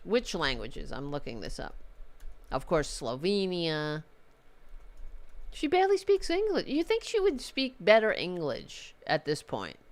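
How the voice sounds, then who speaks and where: A woman vlogger ranting sarcastically and profanely about politics from her desktop streaming setup. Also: fairly low pitch.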